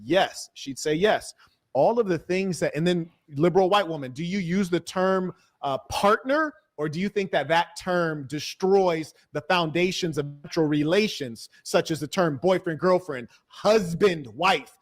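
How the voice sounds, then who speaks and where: A man arguing forcefully in a livestream debate, mocking the views he opposes. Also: on the high side, measured pace. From California-educated; black American. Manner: combative, mocking imitations.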